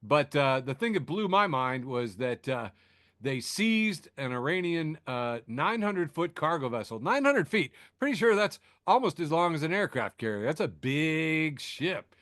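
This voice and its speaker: A man's voice: fairly high pitch, sing-song, measured pace, a bit bright, dry recording, studio quality. A man hosting a podcast, riffing sardonically through news, laughing at his own jokes, with lots of fillers and restarts. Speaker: podcast host. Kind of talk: casual news chat.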